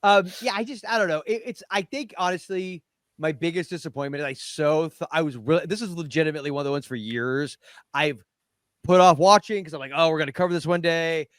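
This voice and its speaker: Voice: medium pitch, brisk, no echo, clean studio sound. A podcast co-host chatting casually about a TV horror movie, restarting sentences and stammering. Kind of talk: casual chat.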